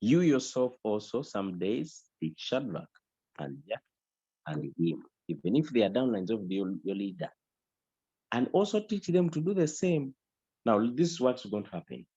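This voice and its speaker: A man's voice: fairly low pitch, very animated, normal speed, mellow, breathy edge, dry recording, muffled recording. A middle-aged man giving an emphatic, repetitive motivational business training talk. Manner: emphatic, repetitive, mixes in local language.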